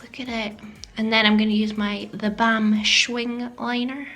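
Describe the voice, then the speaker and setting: A woman's voice: fairly high pitch, little pitch movement, a little slow, a bit bright, soft background music. A woman narrating a makeup tutorial voice-over, chatty and self-deprecating, sometimes dropping to a whisper. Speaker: beauty vlogger. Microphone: voice-over mic.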